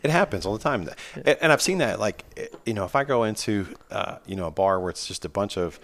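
On the low side but with a fairly bright tone, this podcast host's voice is expressive and brisk. Wearing headphones at a microphone, he keeps the chat casual, rambling and joking while telling stories.

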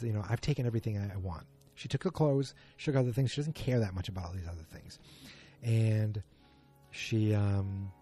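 Low, dark-voiced man recapping casually. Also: husky. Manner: chatty, opinionated, many fillers. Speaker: TV episode recapper.

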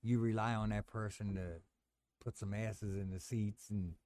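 A man telling stories as a podcast guest, acting out quotes with sudden loud high yelps. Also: steady tone, normal speed, dry recording. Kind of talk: casual storytelling.

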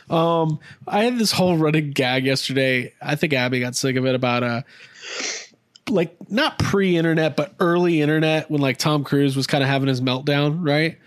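A man hosting a casual chat podcast, telling stories in a self-mocking, animated way. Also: a little high, fairly quick, dry recording, clean studio sound. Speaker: podcast host.

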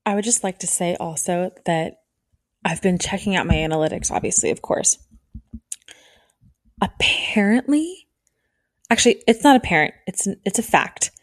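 A woman in her thirties hosting a casual solo podcast, talking fast and bubbly, rambling with lots of "like" and little laughs. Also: fairly low pitch, no room sound, clean studio sound. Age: 30s. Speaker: podcast host.

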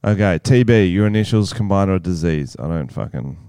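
Smooth low-voiced guy. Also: animated, a little fast, mellow, no echo, clean studio sound. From Australia. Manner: crude, laughing, swears a lot. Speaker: podcast co-host. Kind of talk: casual chat.

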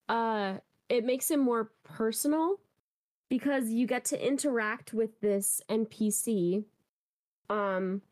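A woman co-hosting a casual podcast, explaining in a relaxed, easygoing way. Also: mid-range voice. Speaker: podcast co-host. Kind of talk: casual chat.

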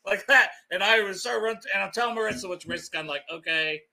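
A man's voice: sits high, racing, vocal fry, pushed and bright. A man co-hosting a sports podcast in casual chat, telling stories with easy laughter. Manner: laughing, storytelling fan. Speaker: podcast co-host.

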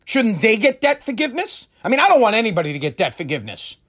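A man's voice: high-pitched, big pitch swings, quick pace, fairly bright tone. A middle-aged man in a heated, profane rant, often stumbling and restarting his sentences. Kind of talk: angry political rant.

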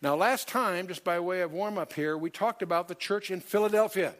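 A man with a high, fairly bright voice teaches a Bible study at a moderate pace, speaking emphatically. He quotes scripture in King James wording and fills his talk with fillers and self-corrections.

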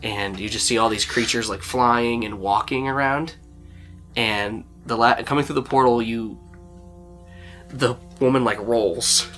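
A man's voice: medium pitch, unhurried, a bit bright, faint music behind. A man narrating a tabletop role-playing game as game master, in a loose storytelling way with lots of fillers.

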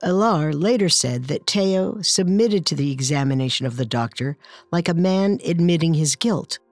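Female true-crime co-narrator, lower voice, dry studio sound. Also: lively intonation, normal speed, a little mellow, no echo, faint music behind.

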